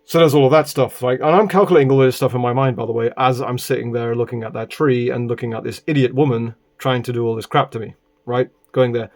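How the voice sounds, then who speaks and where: A man's voice: medium pitch, steady tone, fast, a little mellow. A man from Britain, recording himself indoors, telling a rambling story and often checking in with "right?" between exasperated asides. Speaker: vlogger. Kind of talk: casual storytelling monologue.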